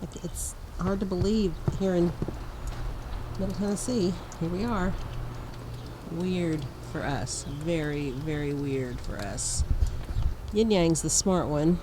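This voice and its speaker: This casual vlog features a lowish-voiced middle-aged woman, hoarse from illness, who wanders slowly from topic to topic and laughs a lot as she feeds chickens. The setting is a snowy outdoor yard, with animal ambience and background noise audible.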